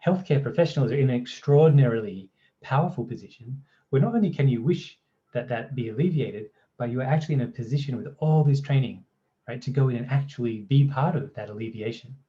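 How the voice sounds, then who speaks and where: Speaking quickly in a warm, medium-pitched voice, an Australian man explains a training course to camera, though the audio sounds dull. He keeps it conversational, frequently dropping in "right?" and "you know".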